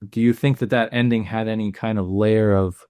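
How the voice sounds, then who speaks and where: A man's voice: lowish voice, steady tone, darkish tone, no echo. A man co-hosting a film podcast, talking things through thoughtfully in casual chat, often restarting his sentences. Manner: thoughtful, halting, with restarts and questions. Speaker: podcast co-host.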